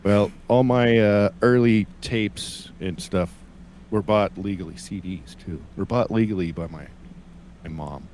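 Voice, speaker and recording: Deep-voiced man reminiscing, faint background hiss. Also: measured pace, darkish tone. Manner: laid-back, reminiscing, dry humor. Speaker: stream co-host. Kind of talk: casual chat.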